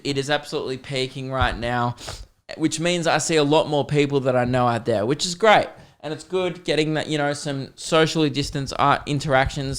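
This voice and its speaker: A man's voice: mid-range voice, fairly bright tone, clear, resonant tone. A young man, a comedian hosting his podcast, telling a funny story and acting out both sides of the chat. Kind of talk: storytelling monologue.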